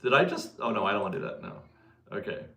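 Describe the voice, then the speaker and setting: A man's voice: fairly low pitch, big pitch swings, quick pace, creaky, a bit bright, roomy sound. A man hosting a casual livestream, chatting, laughing often and correcting himself as he answers viewers. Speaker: livestream host reading viewer donations.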